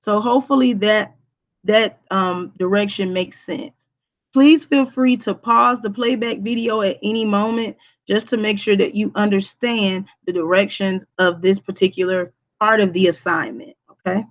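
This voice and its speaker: This teacher's voice is medium-pitched and fairly even, at a moderate pace, with a muffled recording quality. She works through a grammar lesson on tape, humming as she types on screen and pausing with frequent okays to make sure students follow.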